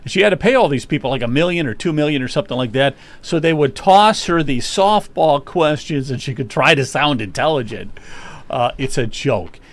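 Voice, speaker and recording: A man's voice: on the high side, expressive, normal speed. A man hosting a casual political talk show, emphatic and repeating his exclamations. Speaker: host.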